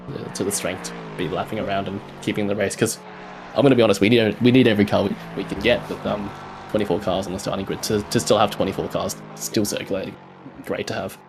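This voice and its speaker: A man with a low, gravelly voice trading easy jokes as a race commentator. Music plays loudly behind his voice. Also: steady tone, fairly quick. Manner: casual, joking banter. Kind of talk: live sim racing commentary.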